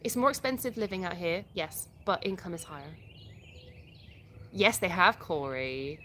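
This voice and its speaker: A woman's voice: fairly low pitch, normal speed, bright, forceful tone, slight background noise. A woman with an English accent hosting a casual live stream, reading out viewer comments and answering them in a chatty way, often restarting her sentences. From England. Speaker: livestream host.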